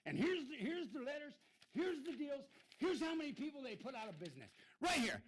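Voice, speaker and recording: A man's voice: very high-pitched, big pitch swings, brisk, poor audio. An irate man giving a blunt, swearing public comment at a city council meeting.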